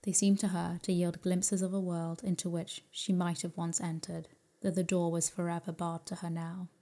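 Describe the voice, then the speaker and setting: Woman narrator, low mellow voice, soothing bedtime reading, calm and gentle. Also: normal speed. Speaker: storyteller. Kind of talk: soft sleep story narration.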